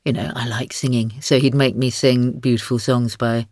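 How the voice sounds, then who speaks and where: A woman in her sixties, a guest author in a podcast interview, telling stories in a wry, lively way with frequent laughs. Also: extremely low pitch, moderate pace, dry recording.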